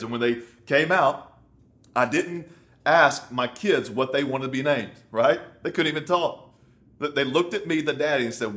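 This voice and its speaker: A man's voice: mid-range voice, a bit bright. Male pastor, 30s, conversational sermon, emphatic and repetitive. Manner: emphatic, conversational preaching with repeated words. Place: on location in a city.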